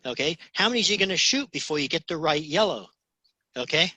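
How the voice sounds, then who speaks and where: Chatty man with a bright husky voice. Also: a little high, lively intonation, fast talker, dry recording, poor audio. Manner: rambling, many restarts, says "okay?" often. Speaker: guest, fly tier. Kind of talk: casual interview chat.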